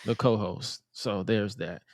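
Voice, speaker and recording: A man's voice: on the low side, slow pace, vocal fry, dry recording, studio quality. A young man co-hosting a wrestling podcast in loose casual chat, slangy and given to repeating himself. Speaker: podcast co-host.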